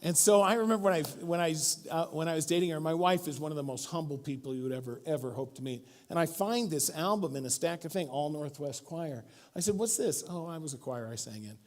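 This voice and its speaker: Animated storytelling male pastor. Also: fairly high pitch, fast talker, few pauses. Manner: storytelling, animated, acts out quotes. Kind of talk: sermon. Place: church.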